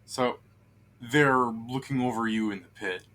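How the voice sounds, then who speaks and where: A male game master narrates a tabletop session in a loose, joking way. His voice has a bright, sharp edge at a mid pitch. He laughs easily between descriptions. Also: unhurried. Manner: laughs a lot, relaxed and joking.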